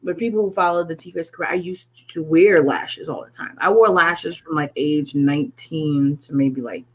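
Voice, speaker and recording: A woman from Connecticut, a guest in a casual chat, telling stories in an animated way and acting out what people said. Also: sits low, normal speed, slightly rough, low-quality recording. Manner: animated storyteller who acts out quotes.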